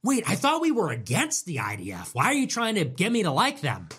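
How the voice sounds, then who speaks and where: A man hosting a livestream and riffing on viewer donations. He is sarcastic and mocking, jumping from loud mimicking voices to low, dismissive mutters. His voice sits a bit higher than most men's. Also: wildly swooping pitch, fairly quick, husky, soft background music. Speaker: livestream host reading donations. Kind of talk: casual livestream commentary.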